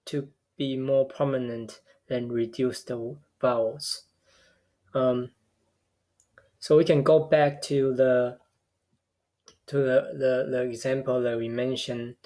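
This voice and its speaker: In a recorded linguistics lecture, a man explains things step by step in a measured way, often repeating words as he goes. His voice is medium in pitch with a dark tone, and his first language is a tonal one.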